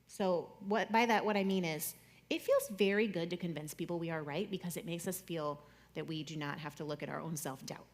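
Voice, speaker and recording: A young adult woman speaking to an audience in a conversational, jokey way, swinging between loud and soft. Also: on the low side, brisk. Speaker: speaker giving a talk.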